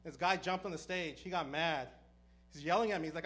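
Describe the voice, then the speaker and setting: A man doing a stand-up comedy set, telling stories with deadpan punchlines. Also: fairly high pitch, faint music behind. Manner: deadpan punchlines, brisk storytelling.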